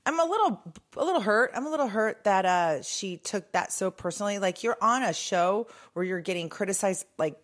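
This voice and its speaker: A woman's voice: mid-range voice, lively intonation, fairly quick, hardly any pauses. A middle-aged woman co-hosting a casual gossip chat, rambling with restarts and fillers. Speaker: show co-host.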